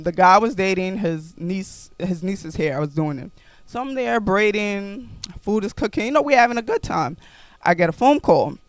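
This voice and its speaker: Animated New woman telling a story. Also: on the low side, no room sound. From New York. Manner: animated, repeats phrases for emphasis. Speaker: podcast host. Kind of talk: personal storytelling podcast.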